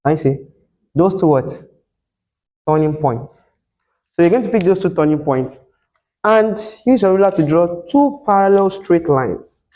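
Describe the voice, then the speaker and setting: A man's voice: high voice, expressive, a little slow, long pauses, mellow. A man teaching a whiteboard lesson as a tutor, asking the class questions and repeating key terms for them to answer.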